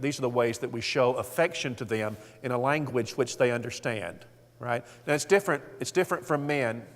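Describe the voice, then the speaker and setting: A man leading a marriage seminar for men, telling folksy stories and acting out the voices in them. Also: medium pitch. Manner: folksy storytelling, acts out quoted voices. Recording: hall reverb.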